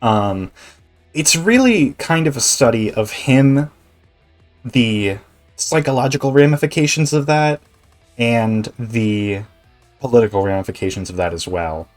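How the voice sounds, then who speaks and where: A male Twitch streamer chatting casually while gaming, rambling, animated, and swearing freely. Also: medium pitch, a little slow, faint music behind.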